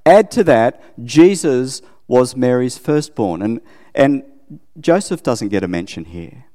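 A long reverb tail follows the mellow, mid-range voice of a middle-aged Australian preacher. He keeps things casual and conversational, questioning his listeners and teasing himself along the way.

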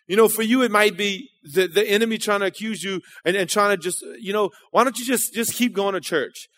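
A man's voice: sits high, normal speed, a bit bright. A man preaching a sermon in a church, casual and conversational, calling out to the congregation.

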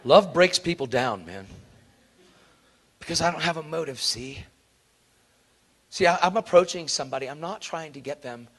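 Animated man preaching through a story. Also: a little high, moderate pace, long pauses. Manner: animated storyteller acting out dialogue; earnest, conversational, says "man" often. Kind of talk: sermon storytelling.

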